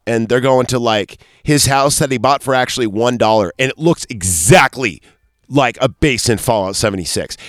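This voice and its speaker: A man talking through a film on a podcast, swearing freely as he rambles from one scene to the next. His voice sits at an ordinary pitch and sounds dry and close, with no room echo. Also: fairly bright tone. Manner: rambling, profane, loose storytelling. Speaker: podcast host. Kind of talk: casual movie review chat.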